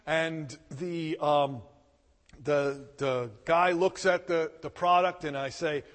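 Man, preacher, high voice, slow deliberate pace, emphatic storytelling, long hall reverb. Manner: emphatic, animated storyteller, bursts of loud emphasis. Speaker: pastor. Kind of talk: sermon with personal storytelling.

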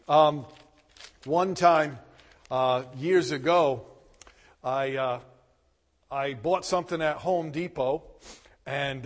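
A man preaching a sermon, telling a personal story with emphatic, animated delivery and loud bursts. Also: a little high, long reverb tail. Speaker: pastor.

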